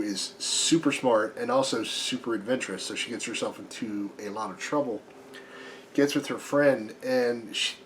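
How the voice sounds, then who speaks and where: A man with a slightly hoarse voice giving a casual, chatty comic book review, full of ums and restarts. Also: mid-range voice, slight background noise.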